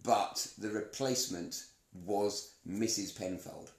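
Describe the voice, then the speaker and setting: A man's voice: fairly low pitch, slow. A man hosting a podcast in casual chat, rambling and playful, often cutting himself off. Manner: rambling, self-interrupting, playful. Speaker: podcast host. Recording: roomy echo.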